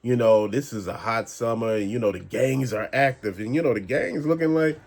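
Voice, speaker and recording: A man's voice: medium pitch, lively intonation, moderate pace, creaky, few pauses, a little mellow. A man hosting a rambling conspiracy-theory rant, talking in an emphatic, slangy way. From American South. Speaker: channel host.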